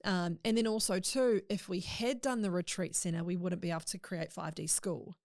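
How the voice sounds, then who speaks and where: A woman's voice: on the low side, steady tone, normal speed, a little mellow, no echo, clean studio sound. A woman guest on a podcast, telling a personal story in a candid, emotional way in casual chat.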